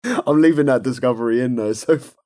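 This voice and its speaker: A man co-hosting a casual podcast, telling a funny story in an excitable, loud way and laughing often. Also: mid-range voice, brisk. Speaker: podcast co-host.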